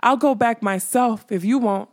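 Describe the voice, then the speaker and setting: A woman's voice: a little high, moderate pace, no room sound, studio quality, close to an everyday voice. Woman doing a demanding young heroine. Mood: urgent. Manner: urgent, demanding. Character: young woman, startled and insistent.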